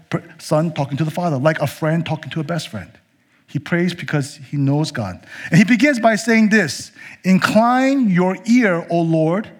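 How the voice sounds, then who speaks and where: A man preaching a sermon, earnest and expressive, slowing down to stress key phrases. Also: on the high side, slightly rough. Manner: earnest, expressive, slows for emphasis. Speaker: pastor.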